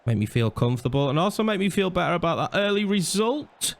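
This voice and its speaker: An excitable young man, giving play-by-play as he plays a football video game. His fairly high voice leaps up and down, groaning at misses and shouting at saves and goals. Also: quick pace, vocal fry. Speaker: gaming YouTuber. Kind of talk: live commentary over a football video game.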